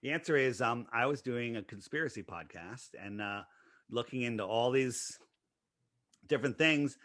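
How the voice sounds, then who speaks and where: Insistent man with a bright edge. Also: medium pitch, dry recording, clean studio sound. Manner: insistent, rapid-fire rhetorical questions. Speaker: interview guest. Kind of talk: conversational explanation.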